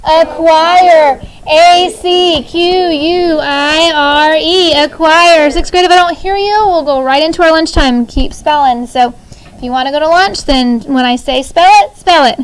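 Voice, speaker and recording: A woman teacher in her thirties in a classroom, leading a spelling drill, spelling each word slowly letter by letter and giving firm instructions. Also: high voice, rough recording. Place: school classroom.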